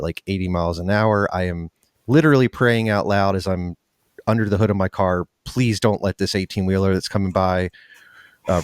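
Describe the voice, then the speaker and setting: A man's voice: lowish voice, smooth, dry recording, clean studio sound. A man hosting an interview show, asking questions and telling a chatty story in a casual way. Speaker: podcast host.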